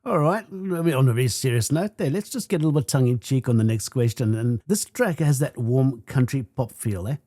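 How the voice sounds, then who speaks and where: A man's voice: medium pitch, lively intonation, a little fast, few pauses, warm tone, no room sound, clean studio sound. A South African man with a South African accent hosting a breakfast radio show, asking playful, teasing questions. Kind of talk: radio interview. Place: radio studio.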